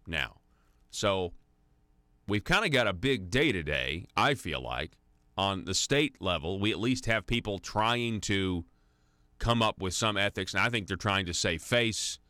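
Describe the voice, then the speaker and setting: A man's voice: deep voice, bright, forceful tone, no room sound. A man hosting a political talk radio show, giving opinionated commentary with frequent restarts. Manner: opinionated, with many restarts and fillers.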